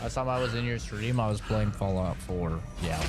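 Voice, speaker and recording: A man's voice: on the low side, normal speed, loud music behind the voice. A man streaming a game, chatting casually with his viewers and reacting loosely as he plays. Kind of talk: casual live-stream chat while gaming.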